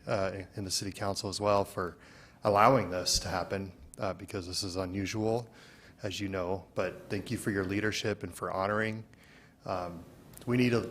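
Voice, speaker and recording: A man's voice: low voice, fairly bright tone, slight background noise. A man speaking earnest, heartfelt remarks at a city council meeting. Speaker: council member.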